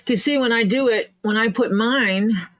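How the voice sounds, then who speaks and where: A woman from the southern United States hosting a livestream, bantering and joking in a relaxed way. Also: a little high, moderate pace, no room sound. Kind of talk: casual chat.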